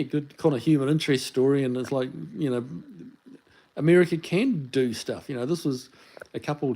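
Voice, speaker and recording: A man's voice: medium pitch, warm tone. A man with a New Zealand accent hosting a casual livestream, answering viewer chat in a rambling, easygoing way with lots of fillers and restarts.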